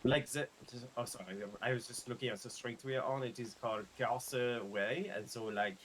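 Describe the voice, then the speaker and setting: A man's voice: medium pitch, a little fast, slight background noise, lightly acted, low-quality recording. A man voicing a French lifeguard and medic in a game roleplay, speaking with a French accent, chatty and rambling, laughing often and fumbling his R's. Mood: friendly. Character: easygoing young male French lifeguard and medic. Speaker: roleplay streamer. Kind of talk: casual in-character roleplay chat.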